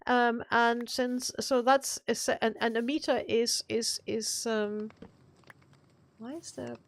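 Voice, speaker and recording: A woman's voice: fairly high pitch, steady tone, slow pace. Chatty woman telling rambling stories. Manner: rambling, playful storyteller. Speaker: co-host of a gaming live stream. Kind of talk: casual gaming chat.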